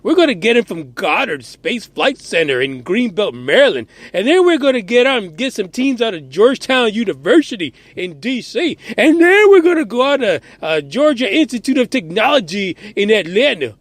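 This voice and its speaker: A man with a high, swooping voice rants through news commentary as a podcast host, swearing freely and dripping with sarcasm. He keeps firing off exasperated, disbelieving questions. The sound is close and dry. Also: normal speed, hardly any pauses, no room sound. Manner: animated, incredulous questioning.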